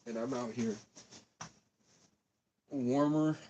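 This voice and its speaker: A man's voice: mid-range voice, slow pace, warm tone, muffled recording, slight background noise. A man doing a crude, absurd improvised livestream outdoors on a street, cold and coughing from cigarettes. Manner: absurd, silly, crude banter. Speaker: comedian livestreaming.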